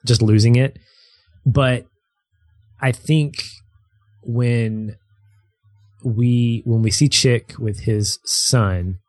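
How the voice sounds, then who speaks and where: A man's voice: lowish voice, darkish tone, no room sound. A man co-hosting a casual movie discussion, thoughtfully recalling scenes at length. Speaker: podcast co-host.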